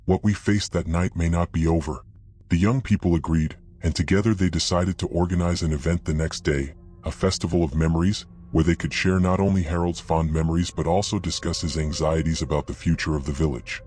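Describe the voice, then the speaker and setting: A man narrating a horror story in a steady, even scripted read, with a husky voice. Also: deep voice, brisk, hardly any pauses, a little hiss or hum.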